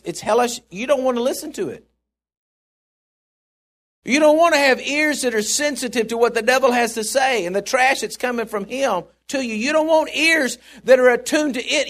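A man preaching a sermon, stressing key points and dropping low for asides. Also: fairly bright tone.

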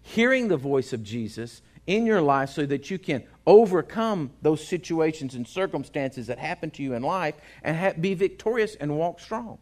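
Lively, high-voiced pastor. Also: male voice, normal speed, few pauses. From Texas. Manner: folksy, joking storytelling with asides to the congregation. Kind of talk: sermon.

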